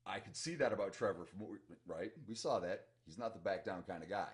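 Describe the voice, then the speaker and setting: A Midwestern man with a lowish voice who reads passages from a novel aloud. Between passages he breaks off into chatty, eager commentary and often interrupts himself. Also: fast talker, few pauses. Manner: chatty, enthusiastic, self-interrupting. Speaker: book reaction host. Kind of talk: reading aloud and reacting to a novel.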